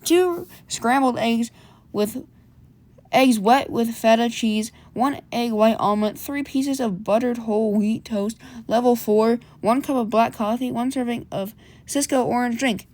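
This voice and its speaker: A woman's voice: a little high, measured pace, darkish tone, lightly acted. A woman voicing a small, polite male breakfast robot who talks in a formal, precise way. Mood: matter-of-fact.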